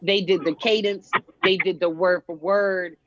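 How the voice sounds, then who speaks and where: A woman stand-up comedian in casual chat, telling animated stories and acting out the voices of the people she quotes. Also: on the low side, unhurried, over a noisy crowd. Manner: animated storytelling, acts out quotes. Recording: dull lo-fi sound.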